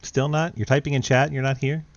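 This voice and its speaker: Relaxed teasing male race host, dull lo-fi sound. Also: mid-range voice, quick pace. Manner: laid-back, teasing, laughs often. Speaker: broadcast host interviewing drivers. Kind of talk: casual post-race interviews.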